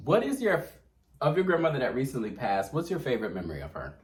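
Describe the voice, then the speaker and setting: A man's voice: medium pitch, quick pace. A man hosting a podcast, chatting casually and telling stories, laughing often. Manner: animated storyteller, laughs often. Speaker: podcast host. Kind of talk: casual chat.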